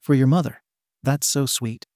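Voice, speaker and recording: A man's voice: medium pitch, moderate pace, darkish tone, dry recording, clean studio sound, lightly acted. A man voicing a shy, nervous teenage boy who stammers and rambles in a fan-fiction reading. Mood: flustered.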